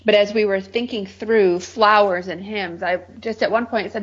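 Earnest husky woman telling her story. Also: mid-range voice, fairly even intonation, moderate pace, hardly any pauses, lo-fi sound. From Michigan. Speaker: guest. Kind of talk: interview, personal testimony.

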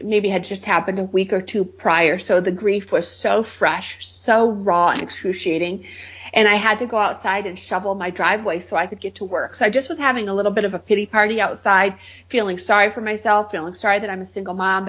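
Middle-aged woman guest, husky voice, kinda muffled lo-fi sound, earnest storytelling. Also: mid-range voice, a bit bright. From Michigan. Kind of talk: interview, personal testimony.

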